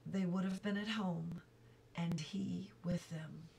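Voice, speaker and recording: A woman reads a children's book aloud in a low, unhurried voice. She reads carefully and now and then stops to correct a slip. A faint hiss of noise sits under the recording. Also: fairly even intonation, vocal fry, mellow, recorded from a distance, low-quality recording. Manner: slow, careful reading with small slips and apologies. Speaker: reader.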